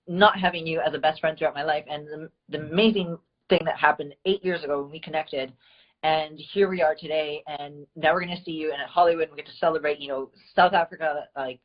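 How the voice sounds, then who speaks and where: A woman's voice: low-pitched, fairly quick, muffled recording. A woman from the United States hosting a live stream, talking in a gushing, heartfelt way with many fillers. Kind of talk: casual live-stream chat.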